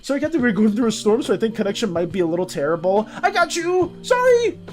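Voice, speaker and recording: Lively, animated woman streamer. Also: mid-range voice, racing, soft background music. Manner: animated, chatty, greets and thanks viewers. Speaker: artist streamer. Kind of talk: casual live-stream chat.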